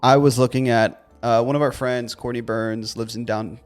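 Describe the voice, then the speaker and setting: A man's voice: medium pitch, steady tone, moderate pace, faint music behind. A man with a Baltimore accent co-hosting a casual podcast, telling rambling stories full of fillers. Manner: rambling storyteller, many fillers. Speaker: podcast co-host. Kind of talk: casual chat.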